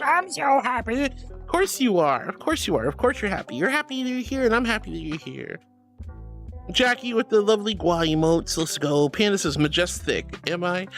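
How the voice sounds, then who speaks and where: Bubbly woman streamer with a lively voice. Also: mid-range voice. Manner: bubbly and affectionate, reads chat messages aloud. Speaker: streamer reading chat. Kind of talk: casual live-stream chat.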